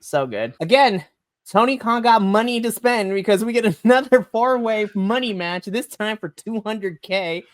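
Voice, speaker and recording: A podcast co-host giving a casual, animated wrestling review, laughing often and trailing off mid-sentence. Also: mid-range voice, normal speed.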